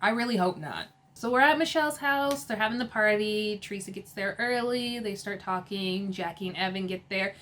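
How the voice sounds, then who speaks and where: A woman's voice: medium pitch, moderate pace, a bit bright, slight background noise. A woman chatting casually as she recaps a TV episode, filling her speech with "like" and laughing often. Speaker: TV episode reviewer.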